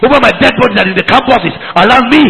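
A man's voice: extremely high pitch, racing, vocal fry, bright, forceful tone, big-room sound, rough recording. A man preaching a sermon as pastor, emphatic and repetitive, calling out to the congregation. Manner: emphatic, repeats lines, calls out to the congregation.

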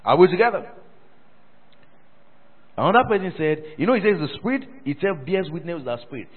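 A man with a high, breathy voice talks a little fast as he preaches and walks through a Bible word study. Animated, he calls on the congregation to respond and breaks into mocking, laughing asides. The sound is an echoey hall heard over a tinny, phone-like line.

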